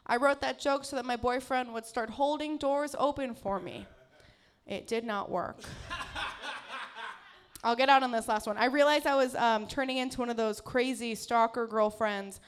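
A woman's voice: a little high, unhurried. A woman doing a stand-up comedy set on a club stage, often laughing at her own jokes.

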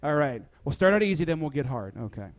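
Brief: young male comedian, high voice, playful and a bit hesitant. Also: very animated, quick pace. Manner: playful, hesitant with many fillers. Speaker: stand-up comedian. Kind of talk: comedy bit then casual interview chat.

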